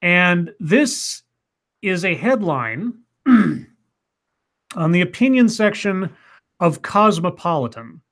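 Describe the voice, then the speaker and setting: A man co-hosting a casual news livestream, animated and stumbling over his words. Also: high-pitched, takes it slowly, long pauses. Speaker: co-host.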